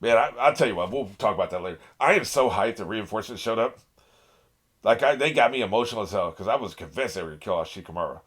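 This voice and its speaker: A man's voice: lowish voice, lively intonation, quick pace, fairly bright tone, husky. A man reacting to an anime episode in casual commentary, getting worked up, laughing often and swearing at the characters on screen. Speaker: reaction channel host.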